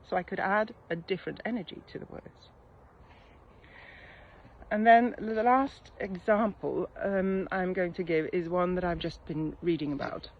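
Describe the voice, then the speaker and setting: Reflective woman coach, slightly muffled. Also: on the low side. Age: middle-aged. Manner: reflective, pausing often with soft fillers. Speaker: mindset coach. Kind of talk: casual coaching talk. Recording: slightly muffled with faint background noise.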